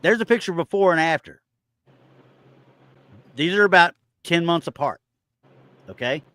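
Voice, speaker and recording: A man's voice: fairly high pitch, animated, unhurried, bright, forceful tone, no room sound. A man co-hosting a casual podcast, ranting with exasperation and reading online comments aloud. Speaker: podcast co-host.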